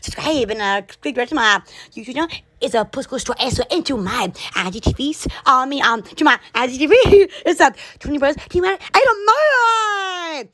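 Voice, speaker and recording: Going live on Instagram from a hot room in her home, this Alabama store owner talks with viewers in a high, expressive voice with a fairly bright tone. She speaks briskly with few pauses, staying bubbly and quick to exclaim and laugh.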